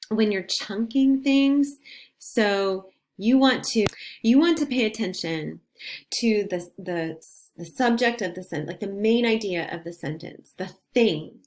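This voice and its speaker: A woman teacher giving a recorded video lesson on reading difficult texts, talking in a conversational, encouraging way and often restarting her phrases. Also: fairly low pitch.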